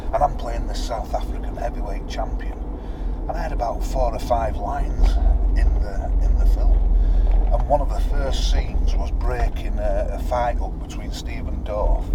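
A man's voice: mid-range voice, distant mic. A middle-aged man, telling rambling anecdotes as an interview guest. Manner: rambling anecdotes with dialect grammar, laughs often. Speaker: guest, former boxer and actor. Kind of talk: casual storytelling interview. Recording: loud background noise.

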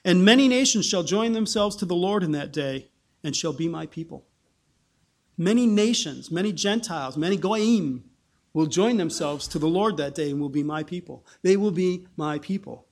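A man preaching a sermon in an animated way, often restarting phrases and acting out the people he quotes. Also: high voice, normal speed. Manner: animated, acts out quoted voices, frequent restarts.

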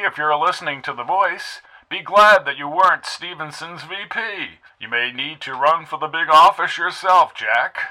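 A man's voice: fairly high pitch, sharp tone, pitched above the performer's own voice, rough recording. A man voicing a glib 1950s radio host with brash, wisecracking patter.

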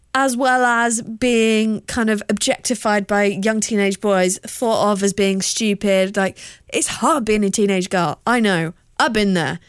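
In a clean, dry studio recording, a young woman hosts a casual solo podcast, talking openly and swearing without restraint. She has a slightly posh southern English accent and a smooth, medium-pitched voice.

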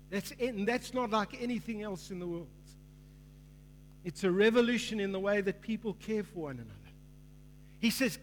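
High-voiced man preaching in a reverberant hall. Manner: preaching with rising fervor, acts out quoted voices in a parable. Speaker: pastor. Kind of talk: sermon. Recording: long hall reverb, faint mains hum.

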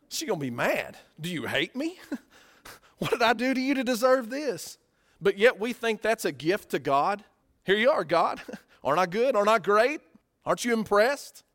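A man preaching a sermon, animated, with rhetorical questions and acted-out everyday voices. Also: high-pitched. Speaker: pastor.

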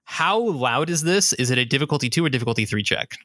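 A man acting as game master, calmly explaining rules and outcomes to the players. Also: mid-range voice, fast, no echo. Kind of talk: running a tabletop game.

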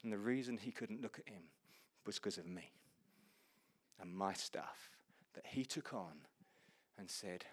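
A man preaching a sermon with passion, swinging from loud exclamations to hushed, slow passages and speaking earnestly to his congregation. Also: fairly low pitch, slightly rough.

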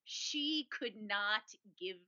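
Bright-voiced woman riffing on a movie, does little voices for the characters, kinda dull lo-fi sound. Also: medium pitch, drawn-out words. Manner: animated, acts out characters' lines in voices. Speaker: podcast co-host. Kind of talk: casual movie review chat.

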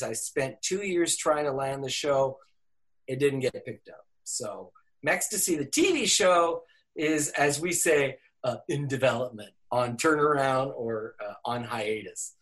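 An older man, an English professor, telling a story in an interview with lots of fillers and restarts. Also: medium pitch. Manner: animated, laughing, many fillers and restarts.

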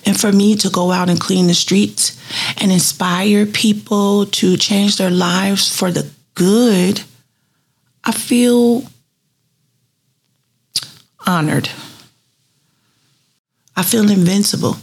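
In a medium-pitched voice and at a slightly slow pace, a woman in her fifties who supervises street cleaning recounts earnest, heartfelt work stories for a personal profile interview, livening them up with retold dialogue.

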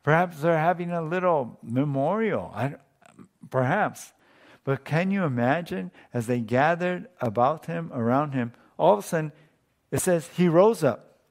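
A pastor giving a casual, conversational sermon, thinking aloud and often chuckling. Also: male voice, fairly high pitch, animated, a little slow.

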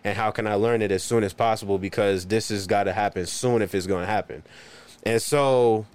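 A man's voice: on the low side, steady tone, brisk, clean tone. Laid-back man chatting on a podcast. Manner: laid-back, lots of "you know" and "like", laughs often. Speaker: guest, local performer. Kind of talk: casual podcast chat.

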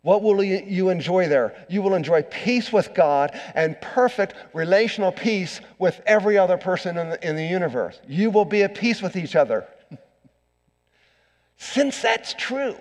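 A middle-aged male pastor preaches with earnest conviction. His voice sits a little high and swings between loud emphasis and quiet asides. A long reverb trails each phrase in the church. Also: animated, normal speed. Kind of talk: sermon. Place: church sanctuary.

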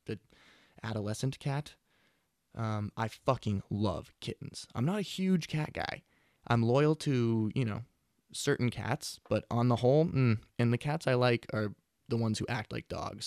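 Young dude ranting chill and sweary, gravelly voice, dry close mic. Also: male voice, medium pitch, darkish tone, no echo. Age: 20s. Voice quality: profane, laid-back and chatty. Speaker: podcast host. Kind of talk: casual rambling monologue. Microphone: close studio mic.

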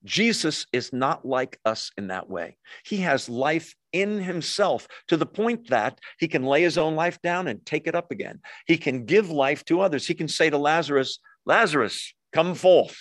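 A man's voice: fairly high pitch, expressive, normal speed, few pauses, a bit bright, no echo. A man preaching a sermon in a conversational way, often putting questions to his listeners. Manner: conversational, asks the audience questions. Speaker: pastor.

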